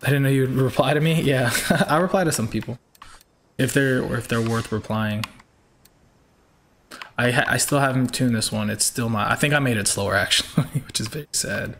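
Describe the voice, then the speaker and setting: Casting note: young guy, upbeat live streamer, mid-pitched, faint hiss behind. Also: normal speed, long pauses, fairly bright tone. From Georgia, US. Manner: upbeat, chatty, reads out viewer names. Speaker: game streamer. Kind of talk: live-stream chat while racing.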